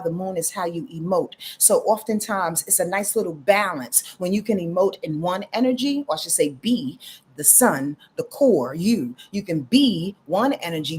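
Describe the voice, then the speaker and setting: A woman's voice: fairly low pitch, breathy edge. A woman astrologer giving casual live readings, talking straight to her viewers with lots of "y'all" and "you dig?".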